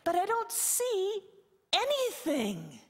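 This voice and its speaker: A woman's voice: extremely high pitch, wildly swooping pitch, slow pace, a little mellow, voice pushed up, heavily acted. A woman voicing a puzzled old man who questions and defends himself in a sermon story. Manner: bewildered, questioning. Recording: reverberant hall.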